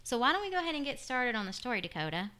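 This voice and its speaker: A woman's voice: a little high, very animated, very fast, sharp tone, clean tone. Rambling woman podcast host. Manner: rambling, drifts off topic. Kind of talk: casual podcast chat.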